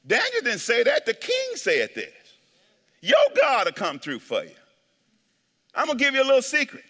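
Male pastor, lively sermon, call-and-response, ringing church reverb. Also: very high-pitched, normal speed, long pauses. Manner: animated call-and-response preaching. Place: church sanctuary.

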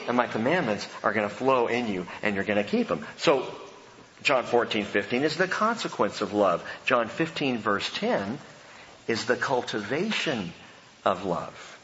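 A man's voice: medium pitch, fairly bright tone, slight background noise. A male pastor preaching a sermon in a church, conversational and emphatic, with casual asides to the congregation. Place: church sanctuary. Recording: echoey hall, dull lo-fi sound.

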